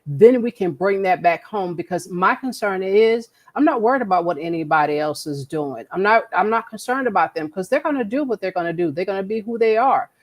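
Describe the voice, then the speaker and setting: Animated and a little fast, with few pauses, a woman co-hosting a podcast speaks in a medium-pitched voice. The conversation is casual, but her delivery is earnest and preachy, and she repeats words to make her point.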